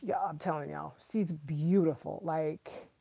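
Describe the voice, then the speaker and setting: Chatty woman livestream host, slightly low. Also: fairly even intonation, measured pace, gravelly, mellow, husky. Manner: chatty, enthusiastic, addresses viewers as y'all; repeats herself for emphasis. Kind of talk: casual livestream chat.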